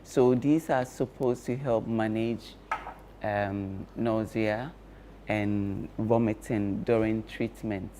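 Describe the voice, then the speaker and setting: A man speaking as a guest on a breakfast show, explaining care tips slowly and with many fillers. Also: lowish voice, fairly even intonation, warm tone, slight background noise. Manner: slow, measured explaining with frequent fillers. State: talking with cloves in his mouth. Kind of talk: explanatory studio talk.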